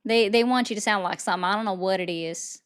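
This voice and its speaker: A woman hosting a casual live-stream chat, talking in a chatty, sarcastic way with quick asides. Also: medium pitch, smooth. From United States. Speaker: host.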